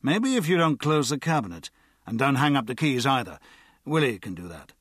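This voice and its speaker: An eager male accomplice calls out his steps in earnest, raised phrases, voiced by a male narrator. The voice is a bit husky, close and dry. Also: medium pitch, big pitch swings, a little fast, fairly bright tone, dry recording.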